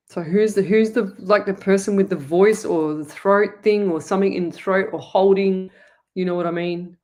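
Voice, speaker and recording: A woman's voice: mid-range voice, steady tone, moderate pace, a little mellow. A woman with an Australian accent hosting a live online psychic reading show, chatty and rambling, talking straight to her viewers. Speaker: psychic medium host.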